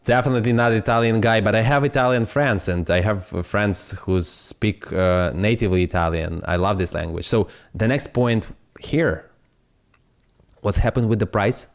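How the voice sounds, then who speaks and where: A man from Ukraine with a Ukrainian accent, hosting a live crypto stream in excitable, swearing, broken English. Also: fairly low pitch, moderate pace.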